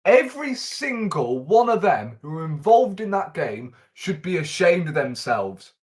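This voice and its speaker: Exasperated man ranting slowly. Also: a little high, very animated. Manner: exasperated, incredulous ranting with rhetorical questions. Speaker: football fan channel host. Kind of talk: live-stream match reaction rant. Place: at home in front of a camera.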